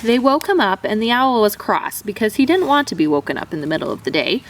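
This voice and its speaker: A woman teacher reads a children's storybook aloud with lively expression. Her pitch sits in a middle range but swings widely as she tells the story. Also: fast, slight background noise. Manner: expressive, animated.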